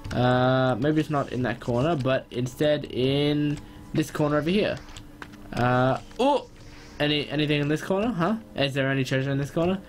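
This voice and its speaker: A young man giving excitable gameplay commentary, quick to get frustrated and loud when things go wrong. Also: fairly high pitch. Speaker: gaming channel host.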